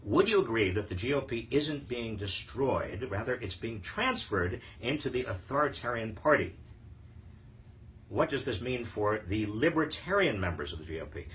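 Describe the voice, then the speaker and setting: A man's voice: medium pitch, animated, moderate pace, fairly bright tone. An older man hosting a live viewer Q&A on politics, talking emphatically with frequent fillers and restarts. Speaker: host answering viewer questions.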